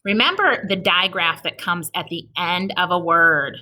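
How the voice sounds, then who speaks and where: A woman teaching an early-reading lesson to young children in a recorded video, sounding out each letter slowly and patiently and praising them. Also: fairly low pitch, expressive, bright, forceful tone.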